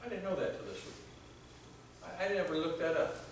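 Echoey pastor preaching from afar. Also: male voice, a little high, slight background noise. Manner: conversational storytelling, halting restarts. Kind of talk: sermon. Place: church sanctuary. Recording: very echoey church hall from far off.

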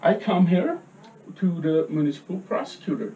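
A man's voice: on the high side, big pitch swings, normal speed, warm tone, highs cut off. A man giving a heated public comment at a meeting, agitated and repeatedly pressing his points with "okay?". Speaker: resident speaking at a public meeting. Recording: echoey room from far off.

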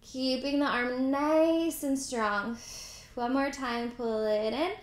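A woman's voice: high voice, steady tone, slow, echoey room. Upbeat woman leading a pilates class. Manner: encouraging, counts reps aloud, chatty asides. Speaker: pilates instructor. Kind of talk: guided workout instruction.

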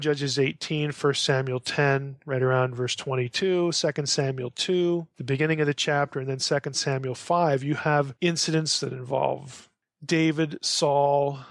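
Gravelly, conversational male lecturer. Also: fairly high pitch, no echo, studio quality. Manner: conversational, restarts often, reads quotes aloud. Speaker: Bible scholar lecturing. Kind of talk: informal lecture.

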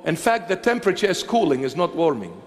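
A man's voice: fairly high pitch, big pitch swings, fast talker, in a large hall. A man preaching a fiery sermon as a bishop, mocking and scolding, calling his listeners "my son" and "my daughter".

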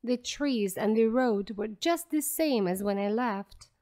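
Woman reading a story for learners real slow, clear and careful, kinda high voice. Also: darkish tone. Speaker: audiobook narrator. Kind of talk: slow graded-reader narration for learners.

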